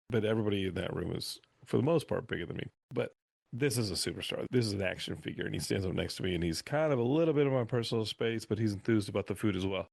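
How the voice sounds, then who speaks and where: A man on a podcast as a guest, telling animated stories in a casual interview. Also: on the low side, gravelly, no room sound. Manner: animated anecdotal storyteller.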